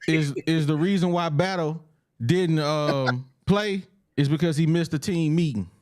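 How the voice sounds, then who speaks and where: A man hosting a sports podcast in casual banter, loud and slangy, laughing often. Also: fairly high pitch, a little slow, background noise. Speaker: podcast host.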